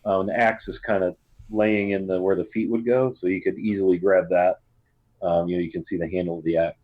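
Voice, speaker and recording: Low-voiced man narrating a tabletop game. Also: level tone, brisk, no echo. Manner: loose, filler-heavy description. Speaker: game master. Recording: dull lo-fi sound.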